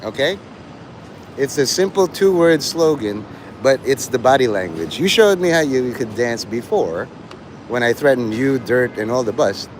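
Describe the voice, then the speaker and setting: Male streamer, mid pitch, rambling and profane, recorded outdoors with faint traffic behind. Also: animated, normal speed, rough recording. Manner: rambling, profane, jumps between topics. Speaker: livestreamer. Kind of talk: rambling live-stream monologue.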